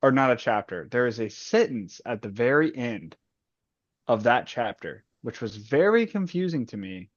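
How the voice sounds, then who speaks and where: A man co-hosting a podcast, chatting about a book in an animated, profane and jokey way. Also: medium pitch, normal speed, no echo. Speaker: podcast co-host. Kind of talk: casual book discussion chat. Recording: dull lo-fi dry sound.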